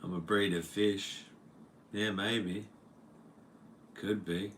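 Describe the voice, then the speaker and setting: An Australian livestream host at home reads comments aloud, casual and jokey, laughing often and using plenty of slang. His pitch is fairly low, his tone steady and his pace slow, with a little hiss or hum on the recording.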